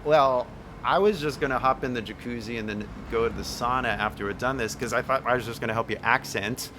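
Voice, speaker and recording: A man's voice: mid-range voice, fairly quick, background noise. A young man coaching an actress on her accent, talking loosely with lots of "like" and "right?" and the odd swear word. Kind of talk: casual one-on-one coaching.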